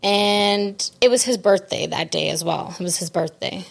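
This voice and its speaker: A grieving woman telling a personal story in an interview, reflective and halting, with many restarts. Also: medium pitch, creaky. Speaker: podcast guest. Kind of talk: conversational interview.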